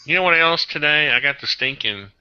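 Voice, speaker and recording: A man's voice: fairly quick, highs cut off, background noise. Tired, rambling man on a web call. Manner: excitable, rambling, swings into high-pitched outbursts. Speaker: host of an online hangout. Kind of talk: casual group video chat.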